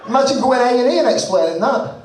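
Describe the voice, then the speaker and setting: Performing a stand-up set at a small comedy club, this comedian from Lancashire in northwest England trades in blunt, sweary, self-mocking banter. His voice is very high-pitched, animated and fast with a darkish tone. The roomy recording comes from far off, with a little hiss or hum, an audible crowd and audience laughter behind him.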